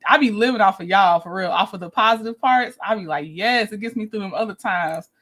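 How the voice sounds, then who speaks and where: A woman's voice: medium pitch, fairly quick, fairly bright tone. A woman hosting a casual livestream, chatty and giggly, greeting viewers one by one. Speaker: livestream host.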